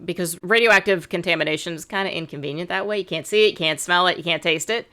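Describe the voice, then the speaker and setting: A middle-aged woman co-hosts a casual podcast, talking fast in a lowish, bright, forceful voice. She walks through events step by step with a sarcastic edge.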